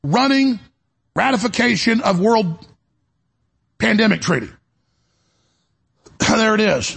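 A man hosting a talk show, delivering an urgent, fiery monologue in a raspy, gravelly voice that climbs toward a yell. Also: high voice, sing-song, moderate pace, long pauses. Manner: urgent, rising to near-yelling. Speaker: show host.

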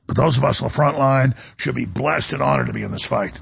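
A fifty-year-old man hosting a talk radio show, delivering a fervent, preachy monologue that swings from loud to hushed. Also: mid-range voice, fast, vocal fry, few pauses, slightly rough.

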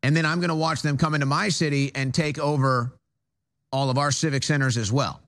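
A man's voice: on the high side, fairly even intonation, brisk, fairly bright tone. Emphatic male talk show host. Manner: emphatic, repetitive, stammering restarts. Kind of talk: political talk show monologue. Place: studio.

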